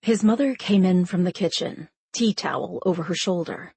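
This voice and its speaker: A woman narrating a romance audiobook in a measured, scripted style. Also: fairly low pitch, expressive, vocal fry, dark tone, breathy edge, no room sound.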